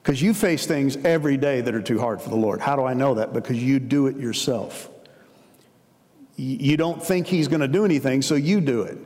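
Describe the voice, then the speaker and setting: A man's voice: mid-range voice, fast, few pauses, darkish tone. A man preaching a sermon as a pastor, telling stories in a conversational way. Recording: long hall reverb.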